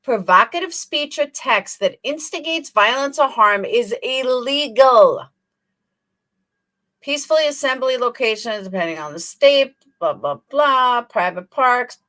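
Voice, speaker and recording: A woman's voice: on the high side, lively intonation, unhurried, sharp tone. A woman hosting a commentary channel, reading legal text aloud and mocking the people she reacts to with sarcasm.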